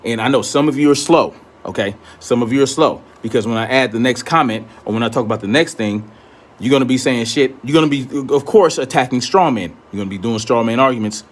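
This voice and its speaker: A man's voice: mid-range voice, quick pace. A man giving a blunt, profane, confrontational commentary, often repeating himself for emphasis. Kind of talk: ranting commentary.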